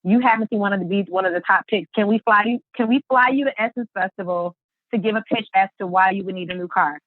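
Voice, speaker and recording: A woman guest on a podcast, telling her story in an animated way and acting out the quotes. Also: medium pitch, fast, no echo. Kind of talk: storytelling interview. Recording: tinny phone-line sound.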